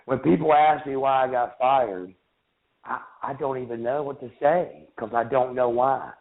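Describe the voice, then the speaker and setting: Man, thirties, interview guest, halting, repeats words, phone-line audio. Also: medium pitch, vocal fry. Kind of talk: emotional interview recollection.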